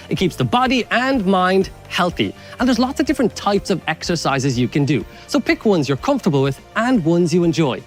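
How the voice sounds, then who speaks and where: An Irish man presenting science to children, leading an energetic, playful warm-up with jokes and instructions. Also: high-pitched. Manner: upbeat, playful, joking instructions.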